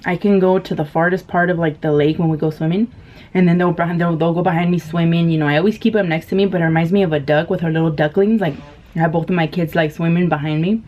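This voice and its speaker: A woman's voice: lowish voice, steady tone, fast talker. A woman in her thirties telling a story while eating on camera, in casual chat full of fillers and laughs. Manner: chatty, laughs often, many fillers. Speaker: mukbang vlogger. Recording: dull lo-fi camera audio with faint noise.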